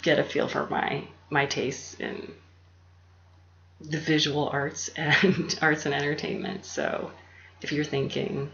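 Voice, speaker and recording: Gravelly woman rambling softly at home. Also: sits low, takes it slowly. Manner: meandering, loses her thread, laughs often. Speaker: YouTube channel host. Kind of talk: rambling casual monologue. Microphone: laptop mic. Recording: roomy, dull lo-fi with faint hum.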